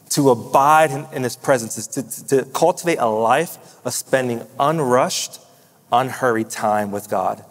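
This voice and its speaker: Pastor preaching in a reverberant hall. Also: male voice, medium pitch. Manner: storytelling with quoted dialogue, slowing down for emphasis. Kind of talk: sermon. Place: large church sanctuary.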